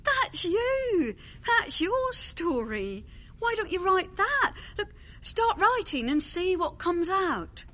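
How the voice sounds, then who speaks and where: A woman's voice: very high-pitched, sing-song, slow pace, pushed and bright, voice pushed up, full character voice. A woman voicing an earnest, encouraging friend in a radio drama.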